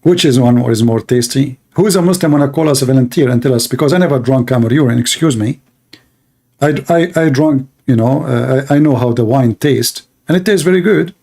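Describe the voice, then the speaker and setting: A man's voice: mid-range voice, fairly quick, gravelly, warm tone. A middle-aged man hosting an apologetics show, delivering scornful, sarcastic commentary full of rhetorical questions. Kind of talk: mocking religious commentary.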